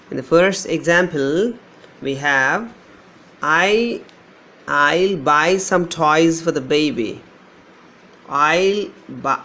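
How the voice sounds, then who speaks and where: Male English teacher, Telugu-Indian accent, slightly high gravelly voice, slow deliberate sound drills. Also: fairly bright tone. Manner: slow, drawn-out modelling of each sound, repeating words. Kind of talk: pronunciation lesson.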